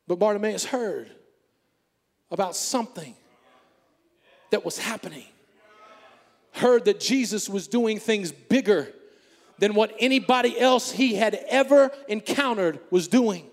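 Man, preacher, fervent shouting sermon, very high voice, gravelly edge, long hall reverb. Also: a little slow, long pauses. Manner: fervent, shouting, call and response.

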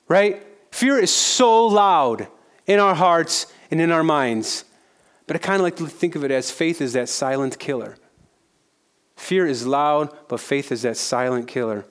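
Conversational male preacher, fairly high voice. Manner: conversational, repeats phrases for emphasis. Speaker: pastor. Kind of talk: sermon.

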